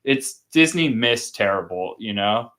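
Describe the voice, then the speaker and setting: A man's voice: on the low side, animated, measured pace, a bit bright. A man in casual chat, hosting and retelling a movie in a rambling, profane way. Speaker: podcast host.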